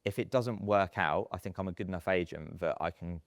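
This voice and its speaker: A man in his thirties, telling stories in a casual podcast interview, chatty and animated with plenty of fillers. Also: low-pitched, fairly quick, no echo, studio quality. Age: 30s. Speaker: podcast guest, estate agency businessman.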